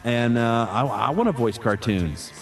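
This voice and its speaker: A man who works as a voice actor, answering interview questions in a relaxed, chatty way with frequent fillers and restarts. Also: medium pitch, unhurried, faint music behind.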